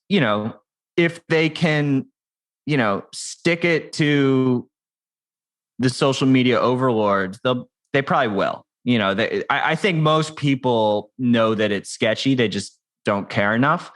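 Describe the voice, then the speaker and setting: Man, podcast guest, tech founder, casual talk, restarts and fillers, average pitch. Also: slow, fairly bright tone. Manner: conversational, many restarts and fillers.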